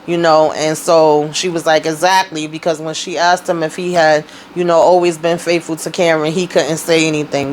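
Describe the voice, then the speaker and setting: A woman's voice: fairly low pitch, slight background noise. A woman hosting a casual recap vlog, retelling scenes in a chatty way and quoting the characters. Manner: chatty, retelling scenes with quoted lines and laughter. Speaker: TV recap host.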